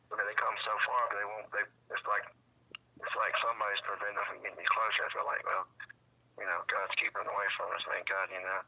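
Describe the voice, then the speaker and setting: A man's voice: on the low side, flat delivery, quick pace, husky. A man calling into a chat show, talking about prayer in a devout, hesitant way with many fillers and repeated words. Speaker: caller. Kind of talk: casual chat. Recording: dull phone line.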